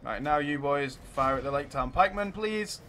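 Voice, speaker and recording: A man hosting a let's play, giving live commentary and cheering his units on excitedly. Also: fairly high pitch, moderate pace, soft background music.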